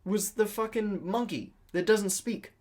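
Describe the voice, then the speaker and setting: A man's voice: high-pitched, measured pace, darkish tone. A man co-hosting a casual movie review podcast, talking in a laid-back, rambling way with plenty of swearing. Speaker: podcast co-host.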